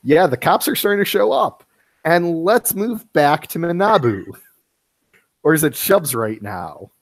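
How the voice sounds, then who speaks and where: A man narrating a tabletop game as game master, halting with many fillers. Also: on the high side, big pitch swings.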